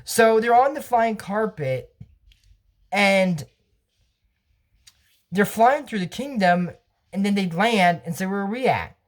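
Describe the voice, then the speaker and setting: A woman's voice: mid-range voice, animated, slow, pauses often. A woman hosting casual commentary on a cartoon episode, talking in a rambling, digressive way and often correcting herself mid-sentence. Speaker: channel host reviewing a cartoon.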